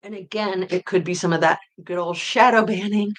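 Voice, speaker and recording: A woman hosting a casual livestream, reading viewer comments aloud and answering them, her voice often trailing off quietly at the ends of phrases. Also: mid-range voice, fairly even intonation, normal speed. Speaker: true-crime livestream host.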